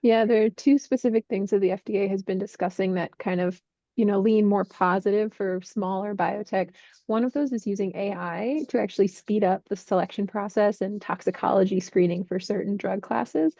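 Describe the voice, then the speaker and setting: A woman working as a healthcare investment analyst, clearly and methodically explaining drug industry developments. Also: mid-range voice, fairly even intonation, normal speed, warm tone, dry recording, highs cut off.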